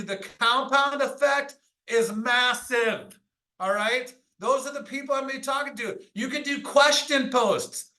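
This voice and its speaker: A man leading a sales training call, pumping up his team with energetic, pushy motivational talk, mild swearing and stories, often checking in with "all right?". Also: very high-pitched, rough recording. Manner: mild swearing, tells anecdotes.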